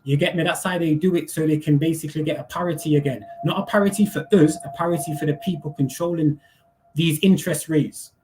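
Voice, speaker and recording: Heated high-voiced man. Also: steady tone, fast talker, a little mellow, slight background noise. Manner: heated, profane, slangy, keeps asking "you get me". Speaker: livestreamer. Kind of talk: casual livestream rant.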